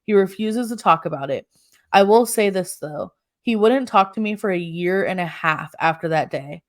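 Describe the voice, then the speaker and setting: A woman's voice: fairly low pitch, expressive, moderate pace. A woman co-hosting a podcast, reading a first-person story aloud with laughing asides and self-corrections.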